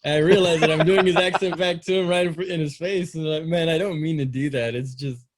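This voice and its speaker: A man's voice: fairly high pitch, fairly even intonation, fast. A man from Texas hosting a casual podcast chat, crude and teasing. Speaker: podcast host.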